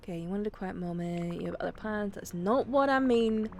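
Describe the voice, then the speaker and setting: A woman's voice: medium pitch, brisk, a little mellow. A woman streaming a game, chatting casually, swearing freely and reading dialogue aloud. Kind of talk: casual gaming stream chat. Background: faint game music.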